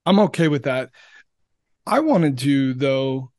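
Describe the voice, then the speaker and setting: A man's voice: medium pitch, expressive, slow pace, a little mellow, no echo, studio quality. A man hosting a podcast, friendly and upbeat in casual conversation. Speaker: podcast host.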